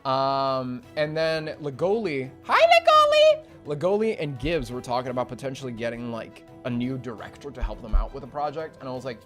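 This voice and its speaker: A young man streaming casually as an animator, rambling with fillers and swinging from low mumbles to loud, excited yelps. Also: brisk, hardly any pauses. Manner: rambling with many fillers and restarts. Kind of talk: casual livestream chat. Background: faint music.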